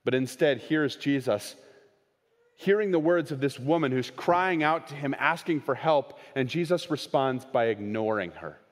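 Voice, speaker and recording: A man preaching a sermon, swinging between raised, quoted lines and hushed, slowed emphasis. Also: mid-range voice, animated. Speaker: pastor. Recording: long hall reverb.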